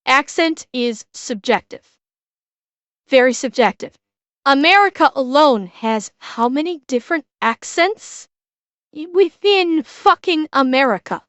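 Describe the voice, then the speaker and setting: A woman's voice: sits high, expressive, unhurried, fairly bright tone, no echo. A woman streamer reacting to a video in casual live commentary, blunt and swearing freely, often restarting her sentences.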